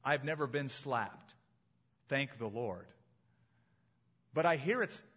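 A man preaching a sermon as pastor, emphatic and slowing down to stress key phrases. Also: on the high side, fairly bright tone, lo-fi sound.

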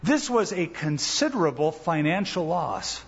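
A man preaching a sermon as pastor, animated, acting out quoted voices. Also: measured pace, vocal fry, husky. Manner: animated, acts out quoted voices with rising pitch. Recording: dull church recording with long reverb.

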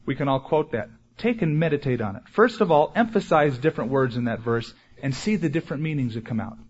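A man preaching a sermon in an earnest, deliberate way, slowing down and rising in force on questions. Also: mid-range voice, animated, muffled recording, a little hiss or hum. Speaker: pastor.

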